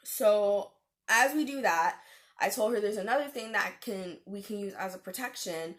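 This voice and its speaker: A young adult woman talks straight to her viewers, telling a personal story in a relaxed, chatty vlog style. Her voice sits at an ordinary middle pitch, and she peppers her telling with slang and casual fillers. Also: normal speed. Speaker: vlogger.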